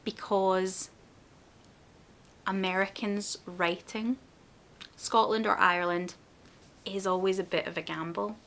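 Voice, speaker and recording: A woman's voice: mid-range voice, fairly even intonation, slow, long pauses, fairly bright tone. A woman reviewing books in a casual vlog, candid and exasperated. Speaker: book reviewer.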